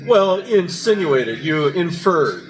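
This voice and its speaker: A man's voice: high-pitched, very animated, slow, crowd noise, low-quality recording. Older man rambling through a story. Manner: rambling storyteller with many fillers and restarts. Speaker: podcast host. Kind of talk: casual breakfast chat. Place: restaurant. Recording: background music.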